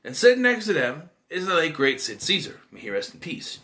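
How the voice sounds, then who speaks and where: Man, movie reviewer, rambling recap, lively swooping pitch, bright tone. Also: fairly quick. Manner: rambling, animated retelling with quoted reactions.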